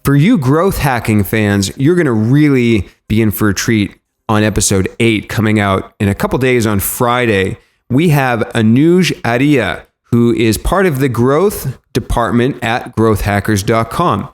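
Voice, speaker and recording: A man's voice: mid-range voice, lively intonation, a little slow. A man hosting a podcast, introducing the episode in a chatty, loose way with some fillers. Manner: chatty, self-correcting, with filler ums. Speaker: podcast host.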